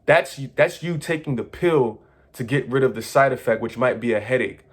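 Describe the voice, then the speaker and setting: Earnest man lecturing, steady mid pitch. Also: normal speed, husky. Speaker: manifestation coach. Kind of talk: motivational monologue to viewers.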